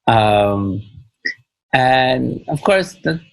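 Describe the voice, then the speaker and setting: A man's voice: medium pitch, lively intonation, very slow, dry recording, rough recording. A man talking as a film director in a casual podcast interview, rambling and repeating phrases with many "you know"s.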